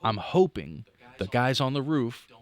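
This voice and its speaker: A man's voice: medium pitch, very animated, measured pace. A middle-aged man co-hosting a podcast, casually telling a game story with swearing and mouth sound effects. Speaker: podcast co-host. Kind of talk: casual chat.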